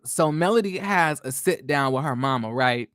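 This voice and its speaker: A man's voice: mid-range voice, expressive, moderate pace, a bit bright, no room sound, clean studio sound. A man recapping a reality TV episode in a casual, sassy way, chatting to viewers and drifting into asides. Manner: sassy, slangy, addresses viewers as y'all.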